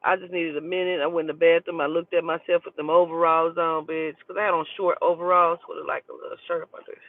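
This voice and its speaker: A woman telling a personal story in a casual, profane and animated way. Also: on the low side, fast, dry recording. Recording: tinny phone-like dry recording.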